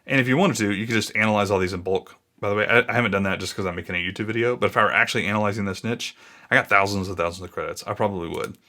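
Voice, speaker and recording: A man's voice: on the low side, very fast, sharp tone. A man in his thirties thinking aloud in a casual, easily sidetracked way as he walks through a screen recording. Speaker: blogging YouTuber.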